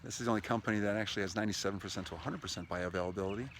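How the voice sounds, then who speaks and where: A man's voice: on the low side, rapid-fire, slight background noise. A man casually vlogging outdoors near the water, chatty and enthusiastic, telling stories as he gives sales tips. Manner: chatty, enthusiastic, talks to his dog mid-video. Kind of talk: casual outdoor vlog monologue. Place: outdoors by a lakeshore with lapping waves.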